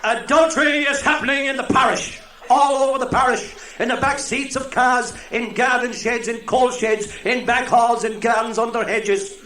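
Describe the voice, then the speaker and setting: A man's voice: extremely high pitch, fairly even intonation, normal speed, few pauses, bright, forceful tone, roomy sound, pitched above the performer's own voice. A man voicing a fiery mission preacher who thunders from the pulpit. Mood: thundering.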